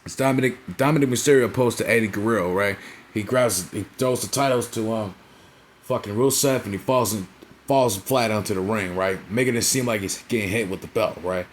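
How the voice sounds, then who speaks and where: A man's voice: fairly low pitch, a little fast, slight background noise. A young man casually recapping a wrestling show, rambling and profane, forever tagging on "right?" and "you know what I'm saying?".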